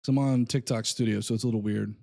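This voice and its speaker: A man's voice: fairly low pitch, steady tone, fast talker, vocal fry, a little mellow. A man hosting a live call-in stream, talking casually in a loose, rambling way and laughing often. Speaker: host.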